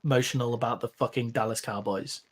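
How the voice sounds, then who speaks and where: A man's voice: mid-range voice, fairly even intonation, fast. A young man with a British accent co-hosting a casual sports-betting chat. He is easygoing and laughs often. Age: young adult. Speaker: podcast co-host.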